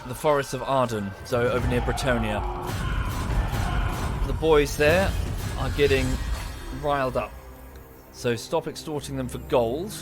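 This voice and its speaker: A man's voice: medium pitch, a little slow, long pauses. A man casually narrating his strategy game on a livestream, thinking aloud and thanking viewers as he plays. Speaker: streamer playing a strategy game. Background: game music.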